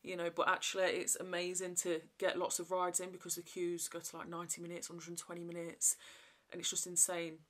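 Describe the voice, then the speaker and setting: A woman chats to camera in a loose, rambling way, her voice sitting a little low. She circles back on herself with plenty of fillers, like a friend catching you up. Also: completely flat delivery, a little fast, hardly any pauses, fairly bright tone. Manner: rambling, chatty, lots of fillers. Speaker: vlogger. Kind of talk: casual chat to camera.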